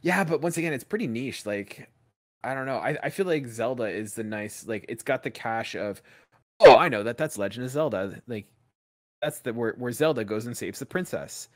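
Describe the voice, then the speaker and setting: A man's voice: mid-range voice, normal speed. A man co-hosting a gaming podcast, chatting casually with lots of fillers. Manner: animated, excitable, loose with fillers. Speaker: podcast co-host. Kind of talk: casual chat.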